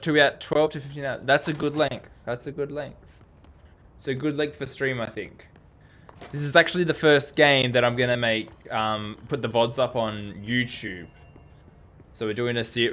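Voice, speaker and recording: A man's voice: medium pitch, a bit bright. A man chatting casually to viewers while streaming a game, talking freely and laughing often. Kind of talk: casual live-stream chat.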